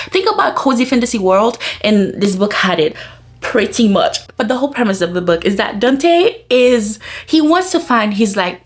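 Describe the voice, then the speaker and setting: A woman chatting casually in a book review vlog. She talks with excitement, laughs often and fills her speech with "like.". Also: mid-range voice. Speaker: book vlogger.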